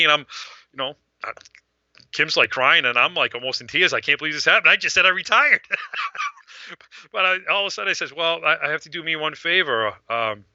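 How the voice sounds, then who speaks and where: A man with a very bright, sharp voice tells a long, rambling story, acting out the other people's lines as he goes. His voice is recorded close and dry, with a dull, lo-fi sound. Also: mid-range voice, no room sound. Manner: rambling, animated retelling with quoted dialogue. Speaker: fan event organizer. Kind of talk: casual storytelling on a podcast.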